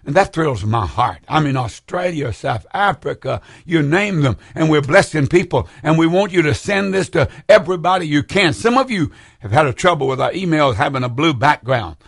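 A man's voice: on the high side, lively intonation, moderate pace, vocal fry, no room sound, studio quality. An older man hosting a call-in preaching broadcast, fervent and rambling, reading scripture and urging listeners to phone in.

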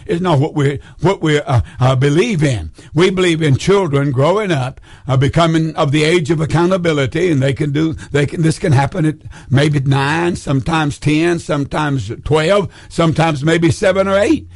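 A fervent male preacher with a fairly high voice, speaking in a dry, close studio sound. He presses his points on a call-in broadcast, often stumbling and repeating words as he builds momentum. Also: normal speed, few pauses, no room sound.

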